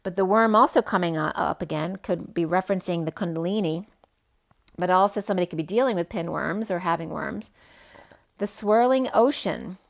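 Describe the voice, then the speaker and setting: A woman's voice: medium pitch, creaky, lo-fi sound. A woman giving a solo spiritual reading, rambling and free-associating from one idea to the next. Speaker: spiritual reader.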